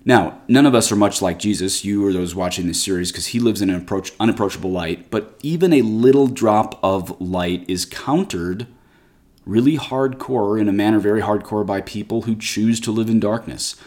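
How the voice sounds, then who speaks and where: A man's voice: lowish voice, normal speed, a little mellow. A man who is a Catholic priest, giving a conversational scripture commentary, reading quotations aloud and then explaining them in an earnest way.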